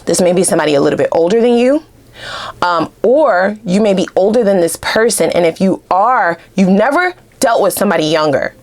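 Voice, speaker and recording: A woman giving a casual tarot reading to her viewers, animated and blunt, swearing freely and laughing often. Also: medium pitch, brisk. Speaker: tarot reader.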